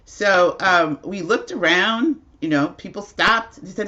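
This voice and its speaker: Slow, chatty woman livestreamer. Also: fairly low pitch, fairly bright tone, highs cut off. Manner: chatty, rambling, laughs often. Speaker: livestream host. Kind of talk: casual livestream storytelling.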